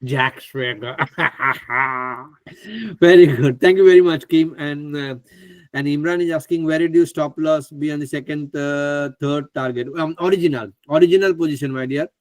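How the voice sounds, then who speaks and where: A man presenting a live online trading class, chatty and excitable, who laughs often and stumbles over names. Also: on the high side, moderate pace, dry recording. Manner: stumbles over names, asks others to pronounce them.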